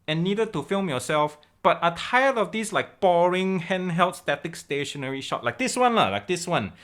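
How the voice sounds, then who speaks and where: A man doing a comic impression of a brash Malaysian uncle, speaking Malaysian English with Singlish and an exaggerated, drawn-out, sing-song sales pitch. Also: sing-song, fairly bright tone. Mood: teasing. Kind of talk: comedic impression.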